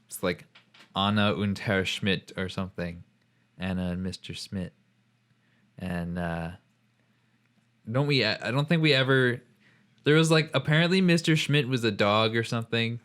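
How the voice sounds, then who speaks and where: Low-voiced young man, rambling chat. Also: a little slow, long pauses, a bit bright. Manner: rambling, full of fillers. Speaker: podcast co-host. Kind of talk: casual chat.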